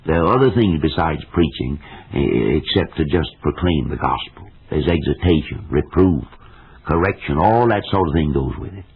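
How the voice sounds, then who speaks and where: An older Southern American preacher with a very deep, gravelly, raspy voice delivers an old-time radio sermon. He talks in a folksy, emphatic way. The sound is thin and tinny, like a vintage radio broadcast. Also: lively intonation, moderate pace. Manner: folksy, emphatic, with plain homespun examples. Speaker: evangelist preacher.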